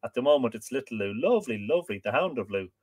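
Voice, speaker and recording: A man's voice: mid-range voice, sing-song, fast, a little mellow, slightly rough. A man hosting a live stream, reading an old book aloud and breaking off to greet viewers and joke. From Ireland.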